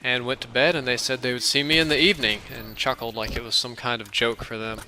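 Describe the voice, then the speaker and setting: A man's voice: medium pitch, fast, slight background noise, rough recording. A man narrating a dream story in a casual, rambling way as commentary over gameplay. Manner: casual, rambling, animated retelling. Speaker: gaming commentator.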